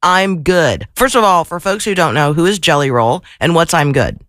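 A woman hosting a radio show, chatting playfully with a guest in a hoarse, raspy voice. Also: low voice, expressive, normal speed, a bit bright, no room sound, studio quality. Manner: playful, laughing, bantering. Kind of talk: casual radio chat. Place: radio studio. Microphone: studio microphone.

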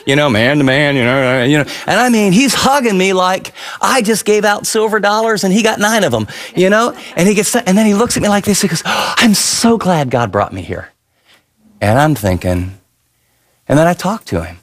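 A man preaching a sermon, telling stories with animated asides and repeated phrases. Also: high voice, brisk. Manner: animated storytelling, repetitive asides. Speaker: pastor.

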